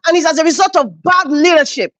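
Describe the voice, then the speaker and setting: A woman's voice: extremely high pitch, fast talker, a bit bright, no room sound. A woman hosting a live-stream commentary show, speaking with passion and repeating phrases for emphasis.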